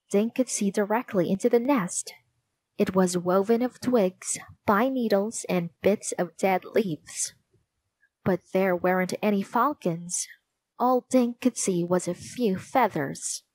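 A woman narrating a children's storybook in a gentle, measured reading voice. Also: mid-range voice, no echo.

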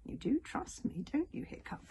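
A woman's voice: sits low, very animated, brisk, slight background noise. A woman voicing a sly, scheming young male Viking who talks in a coaxing way, in a storybook reading.

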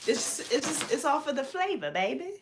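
A woman's voice: sits high, big pitch swings, moderate pace, noisy background. A young woman with a Bay Area accent, hosting a casual braiding vlog and chatting in a laid-back, slangy, teasing way. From California. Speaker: hair braider and vlog host. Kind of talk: casual chat while braiding.

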